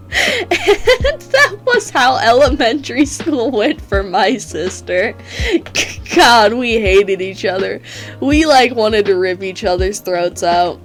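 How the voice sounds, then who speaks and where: A teenage girl with a fairly high voice chats casually while gaming, rambling through stories and swearing freely. She laughs often. Soft music plays faintly underneath. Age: teens. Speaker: gaming streamer.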